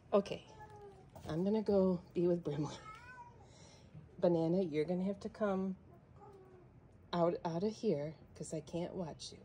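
A woman's voice: on the low side, gravelly, slight background noise. A woman filming her cats at home, talking to them in a doting, coaxing way and sometimes dropping to a whisper. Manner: coaxing, doting baby-talk to the cats, at times hushed to a whisper. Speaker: cat rescuer filming her foster cats. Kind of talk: casual vlog narration, talking to her cats. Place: room at home with kittens and cats.

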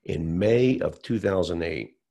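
A man telling a long personal story in an interview, animated and acting out what others said. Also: deep voice, measured pace, vocal fry. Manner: animated storyteller who acts out quotes. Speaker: whistleblower telling his story.

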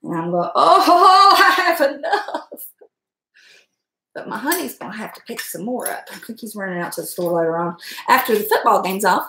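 A woman's voice: mid-range voice, lively intonation, fast talker, fairly bright tone. Chatty woman in an echoey kitchen. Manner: chatty, rambling, talks to viewers by name. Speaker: cooking vlogger. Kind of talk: casual chat while cooking. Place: home kitchen.

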